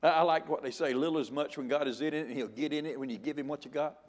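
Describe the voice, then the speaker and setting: A man's voice: a little high, fast talker. An older man giving a sermon as a guest preacher. He jokes in a folksy way and often stammers into restarts.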